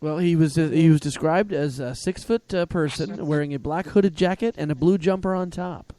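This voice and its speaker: A man co-hosting a comedy podcast, playful and teasing, quick to laugh and swear. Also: a little high, dark tone, dry recording. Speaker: podcast co-host. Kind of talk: casual podcast chat.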